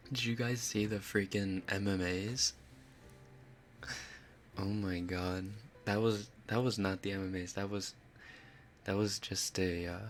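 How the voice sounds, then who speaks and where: A low-voiced man chatting with his viewers on a live stream, slow and meandering, full of fillers and quiet laughs. He slips into a whisper at times. A steady hiss runs under everything. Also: low-quality recording. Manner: rambling, with fillers and soft laughs, sometimes whispering. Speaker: ASMR streamer. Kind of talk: casual chat on a live stream.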